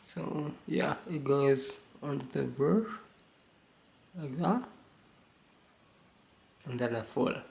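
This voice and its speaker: A man's voice: medium pitch, very slow, gravelly, pauses often, a little mellow, slight background noise. A man vlogging casually with a slight lisp from new braces, chatty and rambling, swearing now and then. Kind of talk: casual storytelling vlog. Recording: echoey room.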